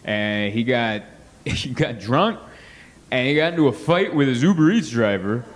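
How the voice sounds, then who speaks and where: A man doing a stand-up comedy set on a club stage, rambling and animated, acting out voices and sound effects. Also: medium pitch, a little slow. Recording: live club sound, reverberant hall, audience noise.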